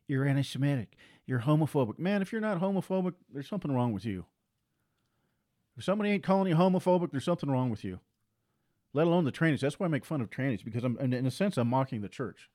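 A man preaching a sermon with forceful repetition, his voice climbing higher and louder as he presses his points. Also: lively intonation, fast talker.

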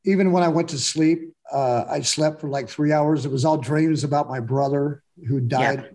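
Guy talking things thru slowly in a casual chat, slightly high voice. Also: darkish tone. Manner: reflective and halting, with restarts. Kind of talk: candid casual conversation.

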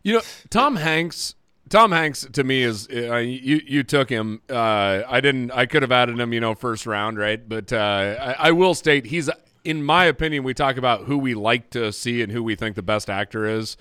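A man's voice: mid-range voice, normal speed, sharp tone, clean tone, no echo, studio quality. A man chatting casually on a podcast, teasing friends and stating strong opinions. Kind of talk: casual chat.

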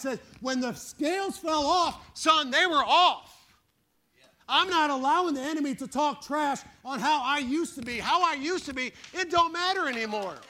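A man's voice: extremely high pitch, bright, forceful tone. A male pastor preaching a sermon, fervent and emphatic, calling out for an "Amen" and telling folksy, plain-spoken stories.

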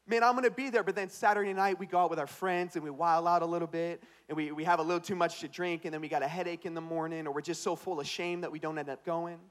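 A young man preaching a sermon as pastor, telling a comic story with put-on voices and swinging between hushed asides and loud punchlines. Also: a little high, level tone, fast, hardly any pauses.

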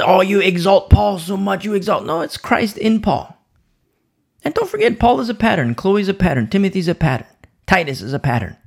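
Male Bible teacher with a sore throat, lively swooping delivery, restarts often. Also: sits high, creaky. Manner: animated, repeats words and restarts often. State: sore throat, pausing to sip coffee. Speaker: preacher.

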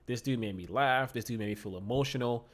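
Excitable man stammering through a movie review. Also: mid-range voice, brisk. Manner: excitable, stammers and repeats words. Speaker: podcast co-host. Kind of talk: casual movie review chat. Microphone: podcast microphone.

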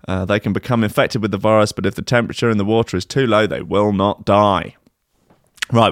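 A man's voice: on the low side, a bit bright, dry recording, clean studio sound. A man reading news stories aloud and riffing on them with sweary, mocking comedy. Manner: sweary, mocking, laughs often. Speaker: comedy host.

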